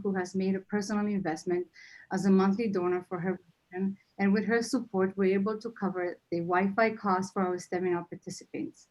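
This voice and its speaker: A woman's voice: mid-range voice, a little mellow, low-quality recording. A woman leading a nonprofit, giving an earnest, heartfelt annual meeting speech and fighting back tears. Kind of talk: emotional speech to members.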